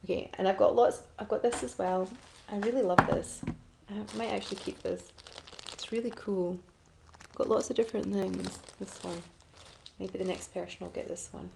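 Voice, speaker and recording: A woman's voice: medium pitch, fairly even intonation, moderate pace, gravelly, background noise. A woman in a chatty, rambling and self-deprecating casual chat to camera, answering fan requests as an actress.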